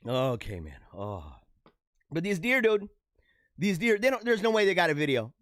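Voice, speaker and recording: A man's voice: high voice, big pitch swings, moderate pace, fairly bright tone, no echo, clean studio sound. A middle-aged man hosting a show, giving rambling, joking commentary on the news and laughing often. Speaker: show host.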